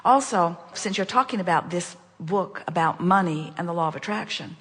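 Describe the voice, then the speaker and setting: A woman speaks in a measured, emphatic manner, calling herself "we" as she teaches. Her voice carries the long reverb of a large hall. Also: on the low side, fairly bright tone, slightly rough, faint music behind. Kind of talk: spoken teaching in conversation.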